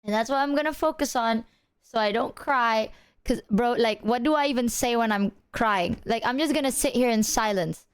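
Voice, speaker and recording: A woman's voice: on the high side, normal speed, clear, resonant tone. A woman streamer chatting casually to her audience, teary and rambling, with lots of "like" and laughter. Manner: emotional, laughing, rambling with filler "like". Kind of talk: casual live-stream chat.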